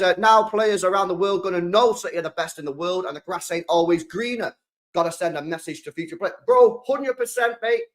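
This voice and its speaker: A young man with a British accent hosts a casual live stream, chatting excitably in slang and circling back to the same points. His voice sits high for a man. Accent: British English. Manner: excitable, slangy, repeats himself. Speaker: football channel host.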